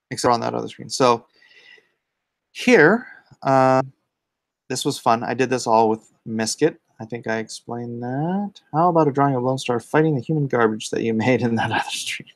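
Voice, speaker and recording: A man's voice: medium pitch, gravelly, no room sound. A comic artist hosting a casual livestream, reading viewer chat aloud and answering offhandedly while muttering asides about his setup.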